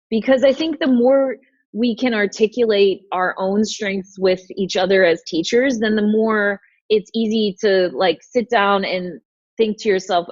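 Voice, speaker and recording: A woman's voice: mid-range voice, no room sound. A woman hosting a casual chat on a video call, thoughtful and searching for her words. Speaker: host. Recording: dull, lo-fi video call audio.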